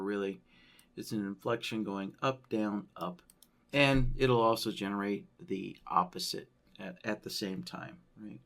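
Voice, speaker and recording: A man walking through a trading-software tutorial on a screen share, thinking aloud and checking in with "right?" as he goes. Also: fairly low pitch, vocal fry. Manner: loose, thinking aloud, frequent "right?" tags. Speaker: software trainer.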